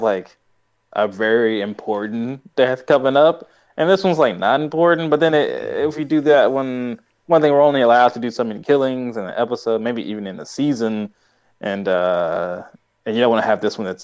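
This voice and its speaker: Laughing, rambling man on a lo-fi mic. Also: mid-range voice. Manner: rambling, filler-heavy, laughs often. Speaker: podcast co-host. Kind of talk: casual chat recapping a show.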